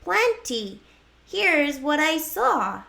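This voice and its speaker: A woman voicing a shy, gentle young male fawn during a game livestream, talking softly and stammering a little. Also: high-pitched, sing-song, very slow, creaky, pitched above the performer's own voice, exaggerated voice. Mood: shy, cheerful. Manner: soft, hesitant, stammering.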